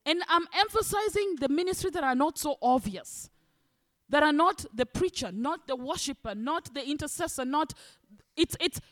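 A woman preaching a sermon, animated, acting out the voices of church members. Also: high-pitched. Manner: animated, acts out congregants' voices.

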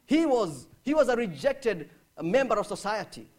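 A man preaching a sermon, dramatic, dropping to hushed lines and rising to shouts as he acts out the quotes. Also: high voice, big pitch swings, normal speed.

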